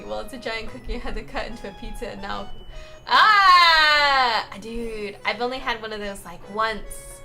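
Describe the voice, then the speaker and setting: A young woman streamer reading chat aloud in a casual, playful way, laughing often and exclaiming loudly when excited. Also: fairly high pitch, gravelly. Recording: music playing behind.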